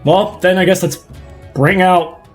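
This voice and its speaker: A man narrating as game master of a tabletop game, animated and laughing often as he describes scenes. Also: sits high, measured pace, soft background music.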